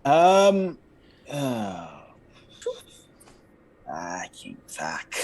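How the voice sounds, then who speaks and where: A man's voice: medium pitch, wildly swooping pitch, extremely slow, a little mellow. A man playing a tabletop game, hesitant and thinking aloud with many uhs and the odd swear. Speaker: player. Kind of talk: casual tabletop play.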